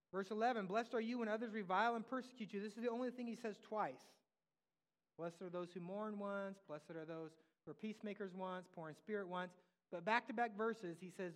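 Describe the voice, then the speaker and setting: Preacher in a reverberant church hall. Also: male voice, high voice. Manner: conversational preaching with acted-out quotes. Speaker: pastor. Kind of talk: sermon.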